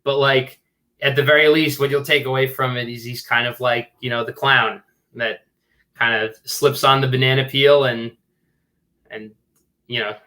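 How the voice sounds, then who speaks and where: Rambling filmmaker, full of "like"s. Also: male voice, mid-range voice, fairly even intonation, normal speed, bright, forceful tone. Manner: rambling, filler-heavy, earnest. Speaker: filmmaker guest. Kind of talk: casual interview chat.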